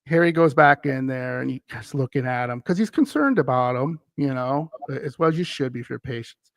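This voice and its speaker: A man's voice: medium pitch, fairly quick, gravelly, dry recording. A man from Wisconsin, a podcast guest, telling a story in a casual chat and acting out the voices of the people he quotes. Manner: animated, acts out quoted voices while retelling a story.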